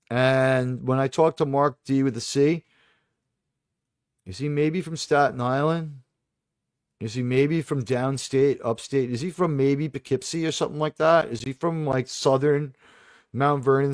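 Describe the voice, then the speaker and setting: A man's voice: medium pitch, a little slow, no room sound, clean studio sound. A man hosting a casual livestream chat, rambling and digressive with sudden aggrieved outbursts. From New York.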